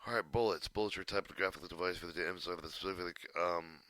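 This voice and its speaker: Man, very low voice, flat delivery, crisp bright tone, dry close sound, halting manual reading. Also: dry recording. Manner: stumbling, halting read with restarts and fillers. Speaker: reader of a style guide.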